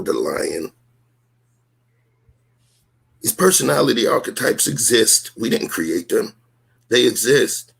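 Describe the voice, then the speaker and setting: Man, husky gravelly voice, emphatic and rhetorical, heated stream talk. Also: fairly low pitch. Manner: emphatic, rhetorical, street slang. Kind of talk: heated live-stream discussion.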